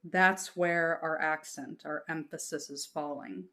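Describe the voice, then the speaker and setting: A woman's voice: deep voice, fairly even intonation, a little slow, pushed and bright. A woman teaching a lesson patiently, explaining step by step and reassuring her students, breaking into short chanted examples.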